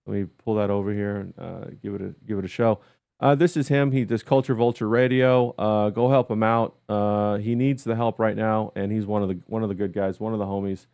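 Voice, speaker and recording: A man with a fairly low voice hosts a casual livestream. He speaks haltingly, packing in fillers while he reads out the chat. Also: fairly even intonation, creaky, darkish tone, clean tone. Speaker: livestream host.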